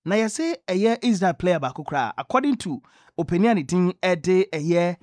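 Ghanaian male radio sports host, lively storyteller, higher pitch, dry booth. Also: moderate pace, no room sound. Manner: lively storytelling, mixing in English phrases. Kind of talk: sports news radio talk.

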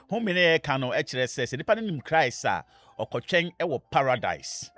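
A man with a Ghanaian accent hosting a radio call-in show, chatting casually with callers, laughing often and giving quick blessings. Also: mid-range voice, very animated, fairly bright tone, no echo.

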